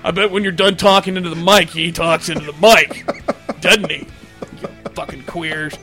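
Host, male, high and bright voice, crude laughing storyteller, faint music underneath. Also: fairly even intonation, normal speed. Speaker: podcast host. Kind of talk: casual storytelling chat.

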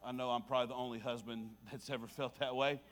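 A man's voice: medium pitch, level tone, quick pace. A man preaching a sermon as pastor, moving from prayer to humorous stories to impassioned preaching.

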